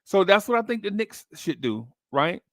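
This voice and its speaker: A podcast host chats casually about basketball trades, acting out imagined phone calls in a streetwise voice. His voice is high and very animated, at a moderate pace, recorded with studio quality and no room sound.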